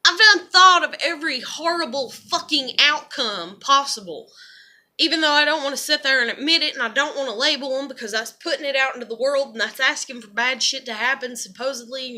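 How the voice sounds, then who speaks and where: In a confessional vlog, a woman in her thirties rambles emotionally through her feelings, swearing often. Her voice sits high with a sharp edge.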